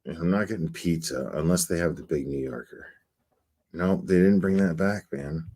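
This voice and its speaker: A man hosting a casual livestream from his home studio, relaxed and chatty, filling his talk with "like" and laughing easily. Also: low voice, normal speed. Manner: laid-back, says "like" often, talks baby-talk to his dog. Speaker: livestream host.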